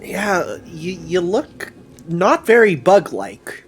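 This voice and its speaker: Animated young man chatting over gameplay. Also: high voice, slow, a little hiss or hum. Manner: chatty and upbeat, laughs easily. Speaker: co-commentator. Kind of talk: casual let's play commentary.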